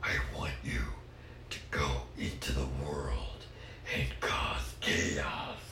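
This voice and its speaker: Demon, very deep, slow, whispery, menacing, roomy noisy room. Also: male voice, fairly even intonation, pushed and bright, full character voice. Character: deep growling evil male demon. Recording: roomy, noisy home recording.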